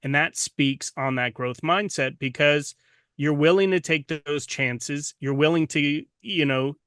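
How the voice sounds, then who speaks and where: Male podcast host who admires his guest and rambles, with a bright, dry sound. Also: fairly high pitch, a little slow, clean tone, no echo. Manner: admiring, rambling, with many restarts. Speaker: podcast host, program leader. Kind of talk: interview questions.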